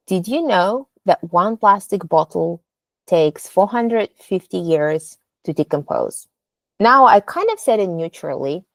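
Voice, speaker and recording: Workshop instructor, female, unhurried, lowish voice, dry close sound, demos lines with big rises. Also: a little mellow, no echo. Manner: demonstrates sentences with exaggerated rising intonation; halting, with many fillers and restarts. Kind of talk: spoken lesson on intonation.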